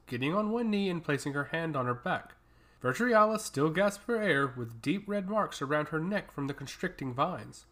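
A man narrating a fantasy story with a steady, dramatic reading. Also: a little high.

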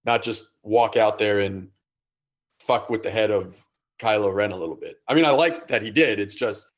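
A man's voice: on the low side, moderate pace. A man in casual podcast chat, laid-back and rambling. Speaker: podcast guest.

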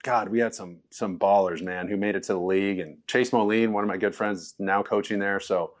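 A man, a former quarterback, telling stories as a guest in a relaxed, laughing way. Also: fairly low pitch, fairly quick. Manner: loose and laughing, quotes people in lively voices. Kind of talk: casual storytelling interview.

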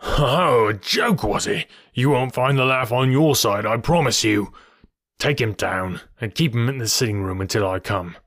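A man's voice: lowish voice, brisk, hardly any pauses, no room sound, studio quality, close to an everyday voice. A man voicing an angry, indignant police inspector in a Victorian detective audiobook. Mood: furious. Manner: loud, indignant, exasperated.

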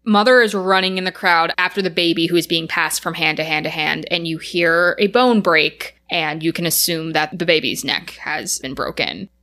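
A woman with a bright, forceful voice pitched a little low, talking through a movie's plot in a loose, animated way. She leans on filler words and keeps the story moving. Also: normal speed, few pauses. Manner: animated retelling, frequent "like" fillers. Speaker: podcast co-host. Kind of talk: casual film recap chat.

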